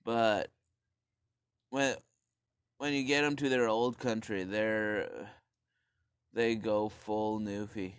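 A man's voice: fairly low pitch, steady tone, takes it slowly, long pauses, clear, resonant tone, dry recording. A man, ranting casually in a rambling, profane way full of fillers and restarts. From Canada. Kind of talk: casual rant.

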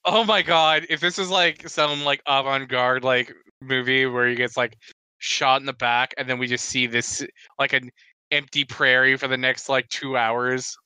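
A man's voice: mid-range voice, little pitch movement, normal speed, pushed and bright, smooth, no echo. A man co-hosting a casual movie-watching podcast, jokey and sarcastic. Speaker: podcast co-host.

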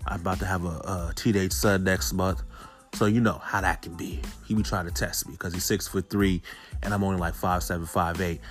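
Man, thirties, casual storytelling, animated, rhetorical questions, loose cursing, faint music behind. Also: low-pitched, fairly quick. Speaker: storyteller addressing viewers.

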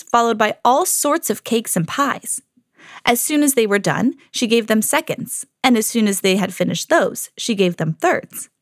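A woman hosting a children's podcast, reading a storybook aloud in an expressive storytelling manner. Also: a little high, dry recording, studio quality.

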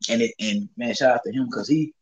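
A man's voice: mid-range voice, a little fast, slightly rough. A young man with a Southern US accent, co-hosting a casual barbershop chat and telling a story in profane slang. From Southern United States. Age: young adult. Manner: animated storytelling, profane slang, acts out quotes, laughs often. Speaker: co-host.

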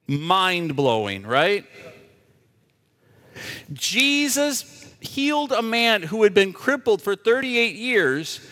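A man's voice: high voice, sing-song, takes it slowly, pauses often, sharp tone, big-room sound. A man preaching a sermon as a pastor, emphatic and asking the audience rhetorical questions.

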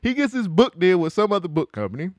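A man's voice: sits high, sing-song, fast talker, a little mellow, no room sound. A man in casual chat, retelling a movie plot and acting out the characters' lines, laughing often and swearing casually.

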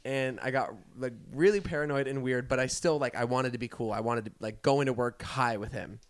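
A man's voice: mid-range voice, steady tone, a little fast, smooth. A man hosting a podcast, casually telling a rambling story with frequent laughs and swearing. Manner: rambling, laughs between phrases, swears freely. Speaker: podcast host.

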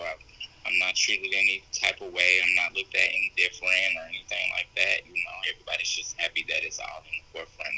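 A man's voice: low-pitched, sharp tone, rough recording. A young man co-hosting a casual podcast, telling a personal story in a laid-back way and laughing often. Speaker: podcast co-host.

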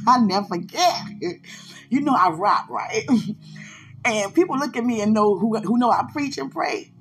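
Lively woman preaching casually. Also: on the high side, a little slow, faint music behind. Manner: animated, laughs often, talks to listeners directly. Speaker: podcast host, preacher and gospel rapper.

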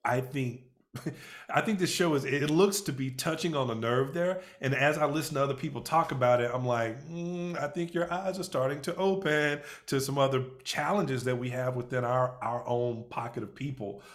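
A podcast co-host in casual chat, reflective and quick to laugh. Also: medium pitch.

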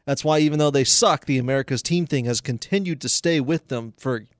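A young man co-hosting a sports podcast, excitable and quick to argue in casual chat. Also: mid-range voice, no room sound, studio quality. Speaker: podcast co-host.

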